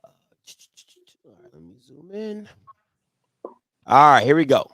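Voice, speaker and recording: A man's voice: a little high, lively intonation, measured pace, fairly bright tone, slight background noise. A man hosting a sports talk show, debating football in an emphatic style and repeating his points.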